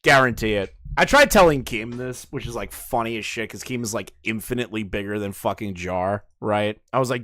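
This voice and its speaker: A man's voice: on the low side, fairly quick, few pauses, sharp tone. A young man hosting a casual call, talking bluntly and rambling with plenty of profanity. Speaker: streamer host.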